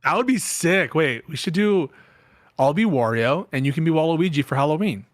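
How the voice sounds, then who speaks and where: A man co-hosting a casual chat, playful and jokey, firing off quick questions. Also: a little high, animated, dry recording, studio quality. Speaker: co-host.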